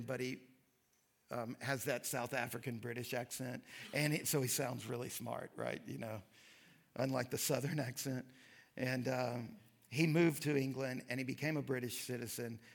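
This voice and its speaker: A man giving a sermon lecture, telling stories and reading quotes with lively emphasis. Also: medium pitch, unhurried, gravelly. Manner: animated storytelling, reads quotes with emphasis. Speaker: pastor.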